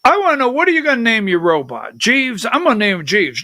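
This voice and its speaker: High-voiced, bright older male talk host. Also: very animated, fast, dry recording, studio quality. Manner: chatty, jumps between topics, talks to his producer mid-show. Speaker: political talk show host. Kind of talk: rambling livestream political commentary.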